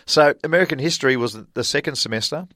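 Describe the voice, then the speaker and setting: This guest is a middle-aged Australian golfer telling stories in a relaxed interview, with plenty of fillers and laughs along the way. His voice is a little high, bright and forceful, delivered at a quick pace in a dry, clean studio recording.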